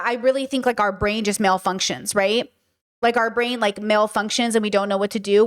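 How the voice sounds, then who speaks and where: A woman hosts a commentary stream, talking in a fairly high, lively voice. She curses freely and slips into stories. Her tone is conversational and animated throughout. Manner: animated, profane, conversational, reads chat aloud. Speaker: host. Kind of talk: commentary and personal storytelling.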